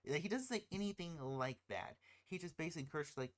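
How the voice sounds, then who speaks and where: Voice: medium pitch, lively intonation, fast talker. Casual film rant, exasperated, rambling, restarts, incredulous host. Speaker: channel host.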